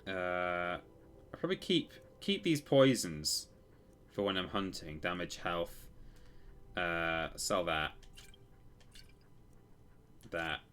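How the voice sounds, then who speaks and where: A man's voice: deep voice, animated, slow, long pauses, fairly bright tone, slight background noise. A man casually commenting while he plays a game on a live stream, rambling and correcting himself as he tells stories. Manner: rambling, self-correcting storyteller.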